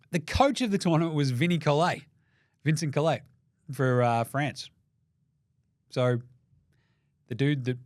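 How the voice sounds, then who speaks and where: A young Australian man hosting a basketball show, with profane, energetic, jokey banter. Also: mid-range voice, dry recording, clean studio sound. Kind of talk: casual sports commentary.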